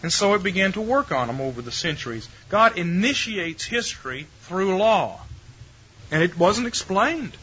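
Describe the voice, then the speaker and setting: A man's voice: high voice, sing-song, moderate pace, bright, forceful tone, slightly rough, highs cut off. An older man giving a theology lecture to a live audience in a wry, conversational way, putting rhetorical questions to his listeners.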